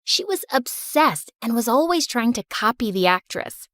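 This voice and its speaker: A woman giving scripted first-person story narration in an expressive, emotional way. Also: fairly high pitch, normal speed, no room sound, clean studio sound.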